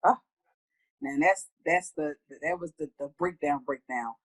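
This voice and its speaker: Middle-aged woman guest, low voice, heartfelt, jumps up in pitch when she quotes herself or her family. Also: a little slow, low-quality recording. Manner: heartfelt, acts out her own conversations in a higher voice. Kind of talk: casual interview talk.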